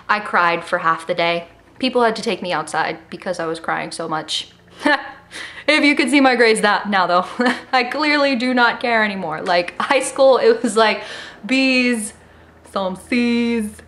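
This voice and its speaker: A woman's voice: mid-range voice, fairly bright tone. Sassy young woman with slight Miami accent. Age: early 20s. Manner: sassy, joking. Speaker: vlogger. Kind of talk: casual talk to camera. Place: home in California. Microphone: camera mic.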